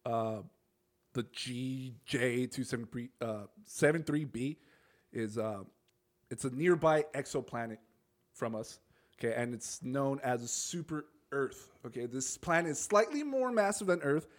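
A man's voice: medium pitch, unhurried. A man co-hosting a podcast, reading topic notes in casual chat, with frequent restarts and laughs. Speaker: podcast co-host.

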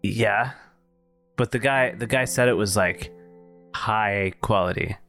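A man's voice: lowish voice, slow pace, creaky, a bit bright, soft background music, full character voice. A man in an improv comedy scene voicing a broke, scheming male mouse with a put-on Australian accent and a laid-back, hesitant drawl. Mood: pleading.

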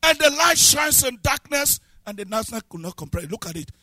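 A man preaching a sermon as a pastor, swinging from low asides to shouted, half-sung lines and repeated questions to the congregation. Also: big pitch swings, a little fast, no room sound, faint music behind. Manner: breaks into speaking in tongues.

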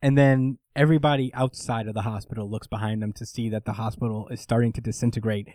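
A man co-hosting a casual manga chat, talking in an animated way, swearing often and acting out characters' lines. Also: lowish voice, quick pace, no room sound. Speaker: podcast co-host recapping manga.

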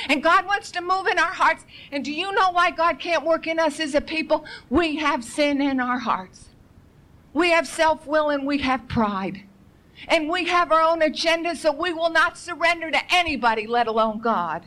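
A woman's voice: high-pitched, moderate pace, fairly bright tone, rough recording. A woman preaching an urgent, impassioned sermon, pressing her listeners with rhetorical questions and pleading repetition.

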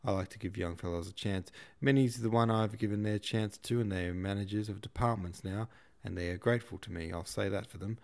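A man reading a novel aloud, voicing a brusque, boastful middle-aged shop manager, a bit higher and louder than his narration. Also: fairly quick, natural voice. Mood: pompous.

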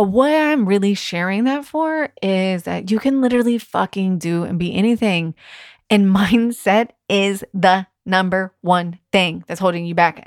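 A woman's voice: mid-range voice, no echo, studio quality. A woman in her thirties or forties hosting a podcast as a stylist, talking casually and frankly, swearing freely and laughing often. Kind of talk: casual solo podcast talk.

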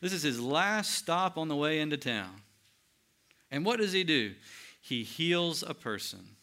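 Animated preacher with a bright tone. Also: male voice, a little high, measured pace. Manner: animated preacher, swings between loud and hushed. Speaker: pastor. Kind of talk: sermon.

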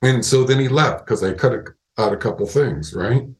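An older man as an interview guest, telling casual work anecdotes with lively retellings and frequent laughter. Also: mid-range voice, normal speed, low-quality recording. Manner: animated anecdotes, acts out quoted voices, laughs often. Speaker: interview guest, animatronics animator.

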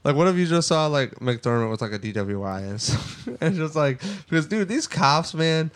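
Male podcast co-host, rambling and profane, smooth clear tone. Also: a little high, lively intonation, moderate pace. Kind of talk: casual sports podcast chat.

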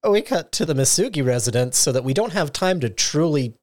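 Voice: medium pitch, fairly quick. A podcast host recapping a show episode in casual chat, acting out the characters' lines. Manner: animated storytelling, acting out lines.

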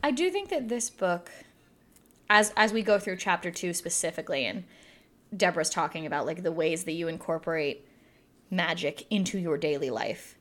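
Animated woman chatting, lively pitch. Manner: animated, emphatic, quick laughs. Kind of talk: casual chat about a book.

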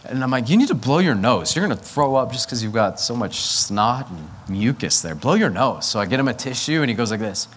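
A man's voice: medium pitch, sing-song, brisk, few pauses, a little hiss or hum. A man in his thirties, a pastor, preaching a sermon through a candid personal story and acting out family dialogue.

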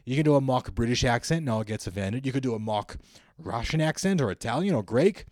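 A man's voice: medium pitch, animated, brisk, a little mellow, dry recording, clean studio sound. Wry Australian man musing aloud. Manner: wry, musing, thinks aloud with self-corrections. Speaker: comedian host. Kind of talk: comedic podcast monologue.

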